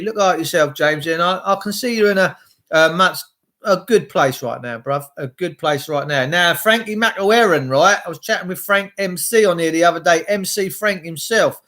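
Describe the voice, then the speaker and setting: High-voiced man rambling on a live stream. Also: fairly bright tone. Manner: rambling, swearing, greets viewers by name. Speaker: livestream host.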